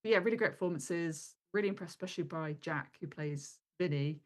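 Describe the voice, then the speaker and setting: A woman reviewing films as a guest in a casual chat, measured and full of fillers and hedging phrases. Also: sits low.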